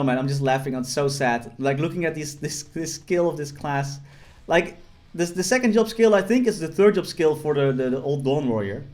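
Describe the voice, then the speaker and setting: Chatting to his viewers as if from his desk, a young man with a fairly high, darkish voice narrates gameplay in a casual, jokey way. He's a gaming YouTuber who rambles, full of fillers and restarts.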